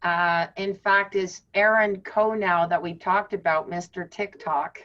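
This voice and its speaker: A woman's voice: fairly low pitch, steady tone, measured pace. Canadian woman, chatty, teasing, muffled video-call audio. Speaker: meeting participant. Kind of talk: casual video call chat.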